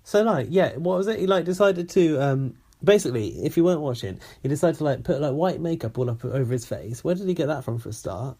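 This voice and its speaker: Giggly man with a husky voice. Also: fairly high pitch, animated, fast, few pauses, dark tone. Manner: giggly, teasing, recaps the show from notes. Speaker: podcast co-host. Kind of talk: casual podcast chat.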